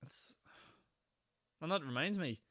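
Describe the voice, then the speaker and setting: A young Northern Irish man hosting his own podcast, talking fast and rambling from one thing to the next with frequent laughs. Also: on the high side, lively intonation, a bit bright, no echo, studio quality. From Northern Ireland. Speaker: podcast host. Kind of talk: casual solo podcast chat. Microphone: podcast microphone.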